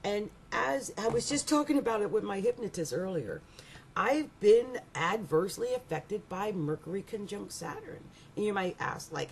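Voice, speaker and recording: A middle-aged woman giving a rambling, animated astrology reading, laughing often and restarting her sentences. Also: medium pitch, normal speed, gravelly, slight background noise. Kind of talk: casual monthly astrology reading.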